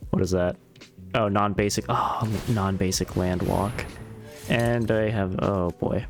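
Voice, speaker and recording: A man's voice: fairly low pitch, steady tone, slow pace. A man streaming a card game, talking through his moves in a casual, wry way and muttering dry asides at his opponents. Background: music playing.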